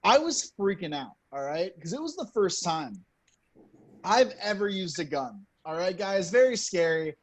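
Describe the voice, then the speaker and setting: Lively young man doing stand-up. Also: high-pitched, moderate pace. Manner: lively, loud, laughing at own jokes. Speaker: stand-up comedian. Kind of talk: stand-up routine.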